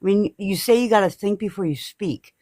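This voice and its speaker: A woman's voice: mid-range voice, fairly quick, mellow, no echo, studio quality. A woman on a livestream, sympathetic to her friend and indignant about others. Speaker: livestream guest. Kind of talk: casual chat.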